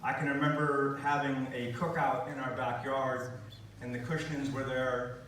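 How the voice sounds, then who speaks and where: A middle-aged man speaking at a memorial gathering, reminiscing with frequent pauses and fillers. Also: medium pitch, little pitch movement, a bit bright, a little hiss or hum. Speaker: eulogy speaker. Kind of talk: memorial speech. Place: large room at a gathering. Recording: distant mic in echoey room.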